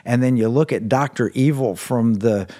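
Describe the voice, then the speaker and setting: A man's voice: medium pitch, normal speed, dark tone. Earnest male talk radio host. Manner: earnest, explanatory, with frequent fillers and restarts.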